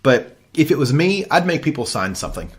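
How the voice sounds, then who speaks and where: A man, co-hosting a podcast and telling stories in a casual, lively way with frequent swearing. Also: fairly high pitch, fairly quick. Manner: lively, swears often, animated storytelling. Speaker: podcast co-host. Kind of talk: casual chat.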